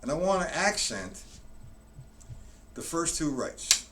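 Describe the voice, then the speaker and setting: This drum teacher speaks slowly in a slightly high, sing-song voice, explaining every step plainly during a live-streamed lesson and frequently starting his sentences over. He's recorded from a distance in a room with a drum kit, and loud drumming creates heavy background noise.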